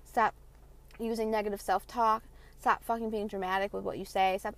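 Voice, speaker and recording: A woman's voice: medium pitch, a little fast, dry recording. A young woman hosting her own podcast, delivering a passionate, sarcastic, profanity-laced rant. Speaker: podcast host. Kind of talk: ranting monologue.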